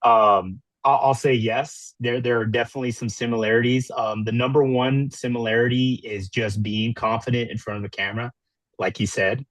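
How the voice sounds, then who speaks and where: A man's voice: medium pitch, steady tone, normal speed, no echo. A man telling stories as a podcast guest, laughing easily and filling his talk with ums. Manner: storytelling, laughs easily, many fillers. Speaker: guest, wrestler and former news reporter. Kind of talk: casual interview chat.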